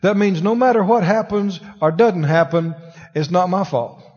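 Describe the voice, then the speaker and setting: A husky, high-pitched preacher leads a sermon, putting questions to his listeners as he goes. His voice carries a long reverb through a church hall. The recording is dull and lo-fi. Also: moderate pace, a little mellow. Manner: conversational preaching, asks the congregation questions. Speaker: pastor. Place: church sanctuary.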